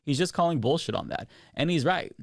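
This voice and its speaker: A man's voice: fairly high pitch, lively intonation, fairly quick, no room sound, clean studio sound. A man delivering opinionated video commentary on the news, blunt and swearing freely. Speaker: political commentator.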